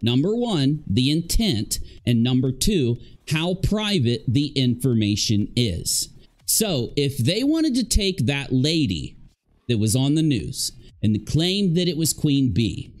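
Animated male live streamer. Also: mid-range voice. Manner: lively, emphatic, repeats himself for stress.

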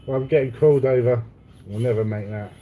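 A man's voice: mid-range voice, brisk, dark tone. An English man co-hosting a live stream in casual chat, laughing often as he reads out viewer comments.

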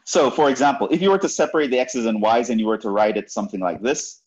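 A man's voice: medium pitch, fast, darkish tone, lo-fi sound. A man lecturing on math, explaining step by step and often checking in with "right?". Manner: explanatory, repeats points, frequent "right?" checks. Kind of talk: university lecture.

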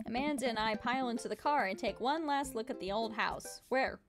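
Woman streamer, playful, reads game lines aloud, fairly high voice, music underneath. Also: fairly quick. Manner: playful, chatty. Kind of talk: reading game text aloud, casual chat.

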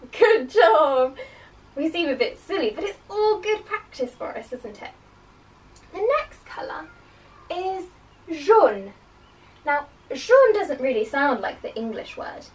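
A woman teaching a children's language lesson, encouraging and playful, repeating words slowly so the children can echo them. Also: high voice, distant mic.

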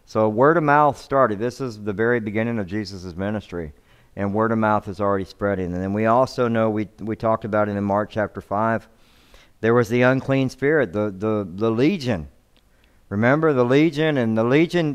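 A man's voice: lowish voice, moderate pace, clean tone. A male pastor preaching a sermon, reading scripture aloud and often repeating words as he restarts his sentences. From United States.

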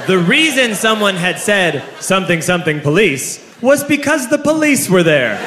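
A young man doing stand-up, telling a story with animated delivery and shouting his punchlines. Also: high voice. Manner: animated, shouting punchlines over audience laughter. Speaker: stand-up comedian. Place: live comedy venue with an audience. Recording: roomy live recording with crowd laughter and noise.

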